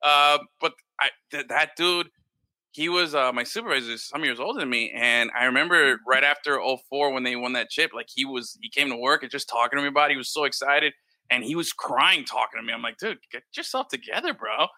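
A man's voice: mid-range voice, a little fast, bright, forceful tone, no echo. A man hosting a casual chat over a video call, laid-back, swearing casually and laughing often. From Miami. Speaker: host.

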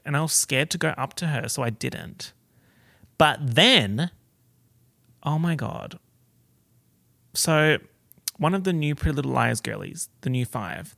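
A young man tells an excited vlog story with a bright, gravelly voice that keeps breaking into fry. He gushes, swears freely and jumps up in pitch for emphasis. The sound is close and dry. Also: no room sound. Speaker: content creator.

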